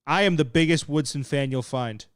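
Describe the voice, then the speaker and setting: Young man, fight stream host, casual commentary, excitable, swears, smooth voice. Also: fairly high pitch, moderate pace, no echo, clean studio sound. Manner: excitable and laid-back, swearing, laughing at chat. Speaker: fight watch-along streamer. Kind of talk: casual live commentary while reading chat.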